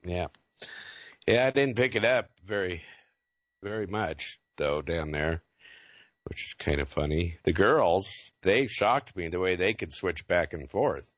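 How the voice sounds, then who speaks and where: A man's voice: low-pitched, expressive, measured pace, no room sound, muffled recording. A man from Oregon chatting casually, telling anecdotes and laughing often. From Oregon, USA. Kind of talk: casual podcast chat.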